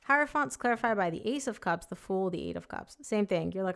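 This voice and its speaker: A woman's voice: medium pitch, expressive, brisk, hardly any pauses, a bit bright. Chatty woman giving a tarot reading. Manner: chatty, emphatic, voices the client's thoughts. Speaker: tarot reader.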